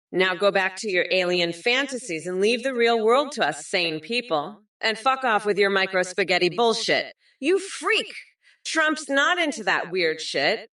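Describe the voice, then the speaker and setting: Brief: bright, sharp-toned AI woman, swearing roast, sounds set back from the mic. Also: mid-range voice, distant mic. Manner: taunting, swearing. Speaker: AI politician persona roasting chat. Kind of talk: profane scripted insult rant.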